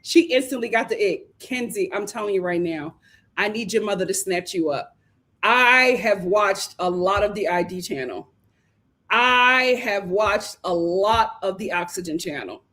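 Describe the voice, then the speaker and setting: A woman hosting a live reality show recap, talking dramatically, laughing and mimicking the cast in hushed voices. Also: medium pitch. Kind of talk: animated live recap commentary.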